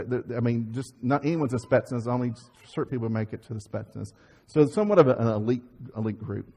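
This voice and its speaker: A man preaching a Sunday sermon, telling stories in a lively way, acting out quoted voices and often restarting his sentences. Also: mid-range voice. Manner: animated storytelling, acts out quoted voices, many restarts. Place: church sanctuary. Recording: church sermon audio with long reverb.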